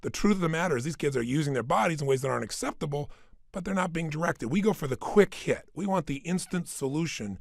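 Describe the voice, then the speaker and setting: A middle-aged man giving an energetic motivational talk into a studio microphone, dropping to a hush and then surging loud for emphasis. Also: mid-range voice, vocal fry, dry recording. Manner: energetic, emphatic, swings between hushed and loud. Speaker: motivational speaker. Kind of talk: motivational talk recorded for audio program.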